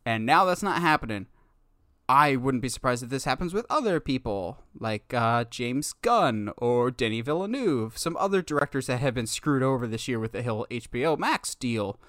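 A man co-hosting a casual movie news podcast, talking in an animated, exasperated way. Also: medium pitch, normal speed, dry recording, studio quality. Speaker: podcast co-host.

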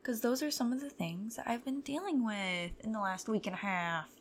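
A woman's voice: a little high, moderate pace, a little hiss or hum. A young adult woman hosting a podcast, telling stories in a candid, profane, wry way. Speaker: podcast host. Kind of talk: casual storytelling chat.

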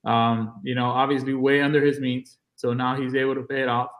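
A man's voice: mid-range voice, flat delivery, brisk. A man guest on an interview podcast, casually telling stories in a blunt, to-the-point way and acting out the dialogue. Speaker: podcast guest, real estate agent.

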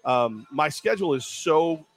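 A man co-hosting a podcast in casual sports chat, rambling and cracking jokes with quick asides. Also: a little high, animated, soft background music. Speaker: podcast co-host.

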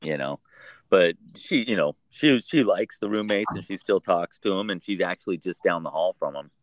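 Deep-voiced middle-aged man chatting. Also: animated, no room sound. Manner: halting, restarts phrases often. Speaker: podcast co-host. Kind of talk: casual chat.

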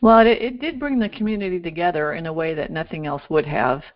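A woman's voice: on the low side, fairly quick. A woman chatting with a relative and prompting her with short questions and agreement, recorded lo-fi. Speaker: family member interviewing her mother. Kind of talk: casual conversation. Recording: dull, lo-fi recording.

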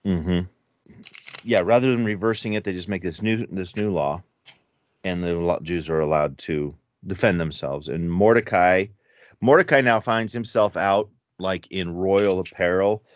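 Low voiced guy musing through a bible study chat, stops and restarts a lot, dull dry lo-fi sound. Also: a little slow, a little hiss or hum. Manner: thinking aloud, hesitant, many restarts. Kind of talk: casual Bible study discussion.

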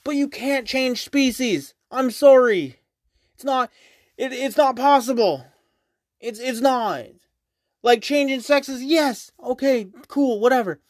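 A woman's voice: sits high, animated, slow, no room sound, studio quality. A woman hosting a solo podcast, ranting with exasperated, profane talk. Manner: exasperated, profane, mocks others in put-on voices. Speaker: podcast host.

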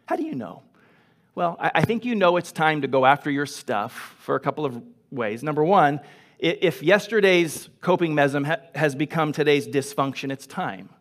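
A man's voice: fairly high pitch, lively intonation, moderate pace. A man preaching a sermon as pastor, earnest and emphatic, repeating phrases for emphasis. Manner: drops to a soft, hushed voice when telling a story. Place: church sanctuary.

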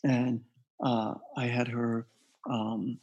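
A man with a husky, slightly breathy voice at a mid pitch tells a client's story in an interview. He speaks earnestly and acts out the lines from the session as he goes. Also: flat delivery, very slow, darkish tone, dull audio. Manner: earnest, recounts a client case with quoted dialogue. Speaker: guest author and therapist.

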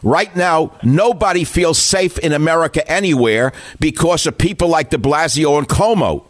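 A man's voice: fairly high pitch, normal speed, no room sound. An older man hosting a talk radio show, delivering opinionated monologues full of rhetorical questions and taking callers. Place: radio studio. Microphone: studio microphone.

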